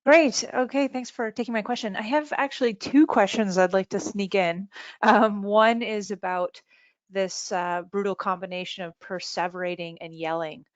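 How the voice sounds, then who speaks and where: A woman's voice: mid-range voice, fairly even intonation, normal speed, no echo. A woman, a parent of a young son, asking a detailed question during a webinar. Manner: earnest, explains at length. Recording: dry, dull lo-fi video call audio.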